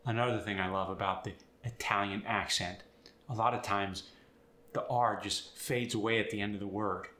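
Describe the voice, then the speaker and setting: A man teaching accents and explaining sounds step by step in an upbeat, clear way. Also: on the low side, steady tone, normal speed, pushed and bright, echoey room. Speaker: accent coach. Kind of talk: instructional video.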